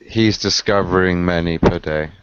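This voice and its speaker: A man chatting casually in a measured, thoughtful way during a video call, pausing on fillers. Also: low voice, clean tone, no room sound. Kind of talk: casual chat. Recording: dull lo-fi video call audio with faint noise.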